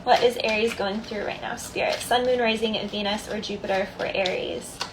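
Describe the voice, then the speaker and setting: A woman's voice: medium pitch, steady tone, normal speed, background noise. A woman doing a casual tarot card reading, chatty, thinking aloud and laughing easily. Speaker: tarot reader.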